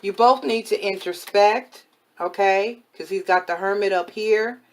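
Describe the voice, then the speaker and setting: A woman's voice: mid-range voice, unhurried. Woman, tarot reader, casual talk to camera, blunt motherly advice, slightly worn voice. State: voice worn from overuse. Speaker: tarot reader and spiritual advisor.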